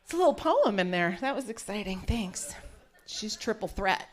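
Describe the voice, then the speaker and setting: A woman performs live stand-up in a small studio venue inside a warehouse, brash and bawdy, often laughing through her lines. Her voice is mid-range and very animated, at a moderate pace.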